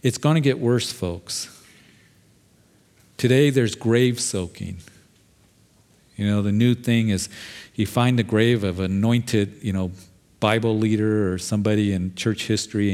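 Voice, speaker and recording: A man's voice: lowish voice, darkish tone. A middle-aged pastor preaching a sermon in a conversational, plain-spoken way, acting out quoted voices as he goes.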